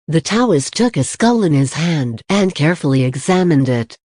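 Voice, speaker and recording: Audiobook narrator, mid pitch, even storytelling, dry close sound. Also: a little slow, hardly any pauses, no echo. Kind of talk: audiobook reading of a martial arts novel.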